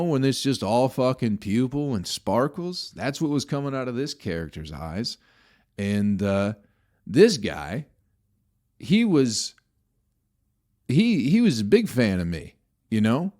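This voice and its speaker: A man's voice: medium pitch, very animated, slow, mellow. A man, a comedian hosting his own podcast, telling a rambling story with a lot of swearing and exasperated asides to his listeners.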